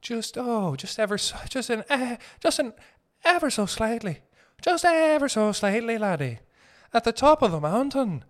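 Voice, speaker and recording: A man putting on a fussy, old-fashioned gentleman with a drawn-out, sing-song delivery. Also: very high-pitched, big pitch swings, pitched above the performer's own voice. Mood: lilting.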